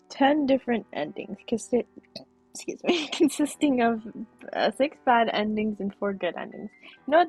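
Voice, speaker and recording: A young woman streaming a horror game, reading the text aloud and reacting with laughs, in an animated, husky voice. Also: a little high, moderate pace, highs cut off, soft background music.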